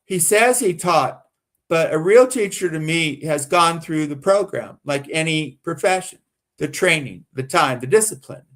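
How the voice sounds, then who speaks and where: A man's voice: a little high, animated, a little slow, fairly bright tone. A man from the American South doing rambling live-stream commentary, repeating himself and getting worked up and indignant.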